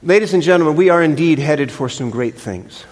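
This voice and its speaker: An older man preaching a sermon, telling a story in an animated, chatty way with frequent restarts. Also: a little high, a little fast. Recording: long reverb of a large hall.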